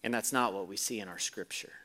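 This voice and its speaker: A male pastor preaches to a congregation, telling a story in the voices of its characters and shifting between soft, low passages and loud, emphatic ones. He talks fast.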